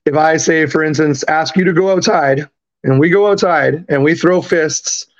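A man in his fifties, raised in Canada, telling a story in a casual, profane, animated way and acting out the quotes. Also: on the high side, moderate pace, dull audio. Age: 50s. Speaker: podcast guest.

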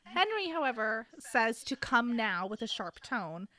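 A woman's voice: a little high, sing-song, measured pace, pushed and bright. A woman casually recapping a book on a podcast, playfully acting out characters' lines with sarcasm and the odd swear word. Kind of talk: casual chat.

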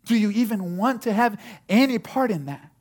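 A man's voice: high voice, lively intonation, moderate pace, a little mellow. A man in his thirties preaching a sermon, telling a family story with lots of fillers and restarts. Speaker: pastor.

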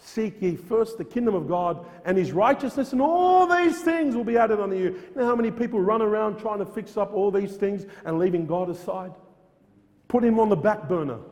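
A man's voice: high voice, animated, fairly quick, darkish tone, big-room sound. A man preaching a sermon in a church, earnest and emphatic, repeating phrases and quoting old-style scripture. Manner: quotes King James scripture aloud.

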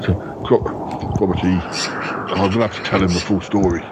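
A man's voice: low-pitched, steady tone, fairly quick, lo-fi sound. A man voicing a sheepish, hairy male yeti uncle who keeps birds; he stammers and hesitates a lot. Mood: apologetic. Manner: hesitant, fumbling, fake quacking. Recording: loud background noise.

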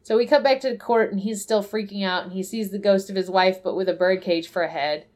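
In a casual podcast chat, a woman briskly recaps a movie, voicing its characters and swearing freely as she tells the story with animation. Her mid-range voice is steady and a little mellow.

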